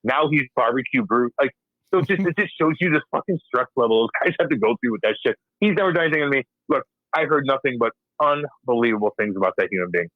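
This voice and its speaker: A medium-pitched man speaks at a quick pace with lively intonation, heard through tinny, narrow audio with no room sound. This former hockey enforcer is a guest in a casual, profane interview, blunt and laughing as he reenacts old dialogue.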